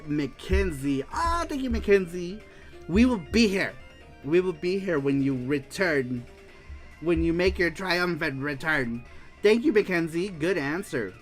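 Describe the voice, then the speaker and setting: A man hosting a casual retro game livestream, reading viewer answers aloud with frequent laughter. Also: sits high. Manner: animated, laughs often, reads aloud.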